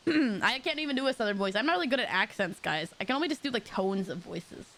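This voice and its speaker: A woman's voice: fairly high pitch, animated, a little fast, fairly bright tone, slight background noise. A young woman streamer chatting casually and swearing freely while playing a story game. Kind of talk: casual gaming commentary.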